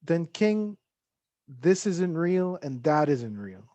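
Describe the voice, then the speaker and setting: Brief: man playing a measured, gentle guru, mid-pitched, dry. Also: big pitch swings, dry recording. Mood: calm. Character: calm wise male spiritual teacher.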